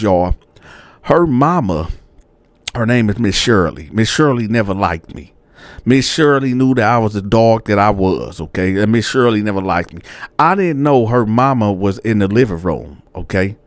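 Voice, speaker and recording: A man's voice: on the low side, normal speed, dry recording. A man casually telling a story to his viewers in slangy, colloquial speech, addressing them as y'all. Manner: animated, addresses audience as y'all. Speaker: storyteller host.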